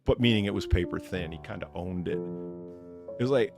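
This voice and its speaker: A man hosting a casual chat, animated and laughing, with frequent restarts. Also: sits low, moderate pace, creaky, faint music behind. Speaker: host.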